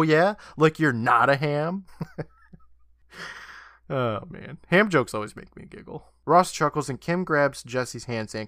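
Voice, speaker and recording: A man's voice: medium pitch, a bit bright, clear, resonant tone, dry recording, studio quality. A man co-hosting a podcast, casually retelling a TV episode scene by scene and slipping in jokes. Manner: jokey, retells scenes quoting lines. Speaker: podcast co-host. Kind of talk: casual chat recapping a TV episode.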